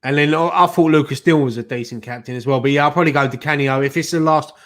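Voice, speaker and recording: A man's voice: fairly high pitch, quick pace, a bit bright. A man hosting a fan show in jokey, casual banter, reading out viewer messages. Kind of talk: casual pub-style banter.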